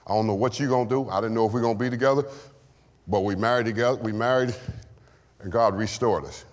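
A man's voice: on the low side, fast. A man preaching a sermon and giving testimony, with call-and-response lines to the congregation. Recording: long hall reverb.

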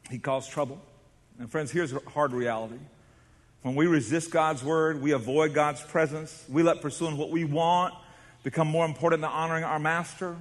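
A man preaches from the pulpit, his voice sitting a little high for a man. He tells stories with drama, dropping to a hush and then rising to a shout, while a long reverb trails off in a large church hall. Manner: dramatic storytelling, swings from hushed to shouting. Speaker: pastor. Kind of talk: sermon.

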